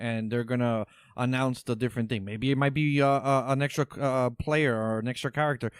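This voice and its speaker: A man talks games in a loose, casual chat, cursing freely and tripping over his own restarts. His voice comes through smooth and resonant. The sound is dry and close, with no room to it. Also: mid-range voice, fast, hardly any pauses, no room sound. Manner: swearing, stammering restarts. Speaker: podcast co-host.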